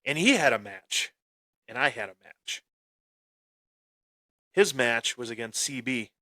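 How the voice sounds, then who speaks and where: A man spins a tale at an unhurried, drawn-out pace, bragging like a wrestling heel and jumping into loud outbursts. He repeats himself as he goes. The sound is dry and close, with no room around it. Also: medium pitch, lively intonation, no echo. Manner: boastful heel bravado with sudden loud bursts; repeats and restarts phrases. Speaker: podcast host. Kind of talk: boastful storytelling on a wrestling podcast.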